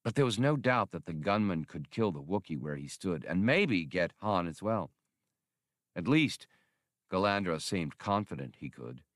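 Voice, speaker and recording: Low-voiced male audiobook narrator. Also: big pitch swings, normal speed, dry recording, clean studio sound.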